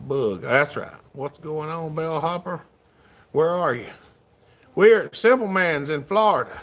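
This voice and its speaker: A man's voice: a little high, expressive, a little slow, a bit bright, a little hiss or hum. A man with a Southern US accent hosting a casual livestream, reading out viewer comments in a folksy, drawling way. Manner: folksy, drawling, reads chat aloud. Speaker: livestream host.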